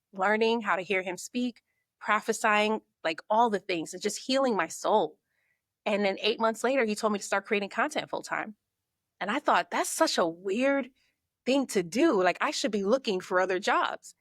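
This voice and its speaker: A woman speaks as a guest on a podcast, recounting her past with energy and voicing her own inner thoughts as she goes. Her voice sits at an ordinary middle pitch for a woman. The recording is dry and close, with no room echo. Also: normal speed. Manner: lively storyteller who acts out her own inner thoughts. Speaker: podcast guest, marketing coach. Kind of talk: conversational storytelling.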